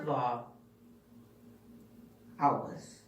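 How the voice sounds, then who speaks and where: A woman's voice: on the low side, animated, a little slow, fairly bright tone. A woman hosting her own channel, telling a personal story in a blunt, candid way with plenty of profanity. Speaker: channel host. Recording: echoey room, voice far from mic.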